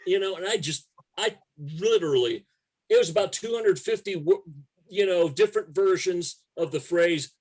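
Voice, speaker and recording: A man's voice: sits high, normal speed, darkish tone, breathy edge. A man, a music writer guest telling stories in a casual, profane and emphatic way. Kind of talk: casual conversation.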